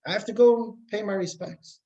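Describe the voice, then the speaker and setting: A man voicing a self-important rich miser in a told story, a little higher than his own voice. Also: moderate pace, dark tone, lo-fi sound. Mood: eager.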